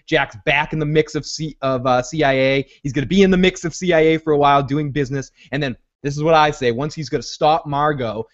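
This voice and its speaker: Podcast host, male, rambling and excitable, slightly high voice, lo-fi dull sound. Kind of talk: casual TV recap chat. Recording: dull lo-fi audio.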